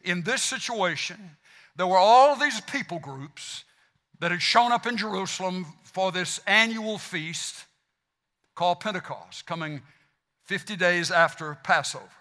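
A man with a Southern US accent preaching a sermon as pastor, animated and fired up, stumbling over restarts as he goes. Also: high voice, measured pace. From South Mississippi. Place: church sanctuary. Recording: long hall reverb.

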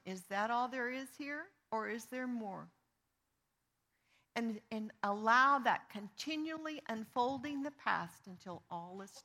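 A woman with a bright, ringing voice, pitched a little high, teaching from the Bible. She talks earnestly and plainly, leaning on the verses as she reads them aloud. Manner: reads scripture aloud with emphasis; earnest and conversational, with small restarts. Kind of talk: teaching on forgiveness.

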